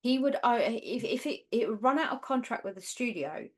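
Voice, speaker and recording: A woman's voice: on the high side, expressive, brisk. Chatty woman podcast co-host. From Northern England. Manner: rambling, conversational, many fillers. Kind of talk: casual chat.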